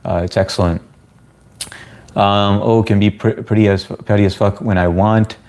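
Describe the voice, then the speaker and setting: Chill guy w a lowish voice chatting w his livestream, casual and rambly. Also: steady tone, normal speed, darkish tone. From United States. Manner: laid-back, chatty, often says "man" and "bro". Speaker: live streamer answering chat.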